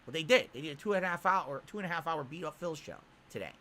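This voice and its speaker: A man's voice: on the high side, animated, quick pace, bright, forceful tone. A man in a clip from his own stream, ranting indignantly and repeating himself as he argues.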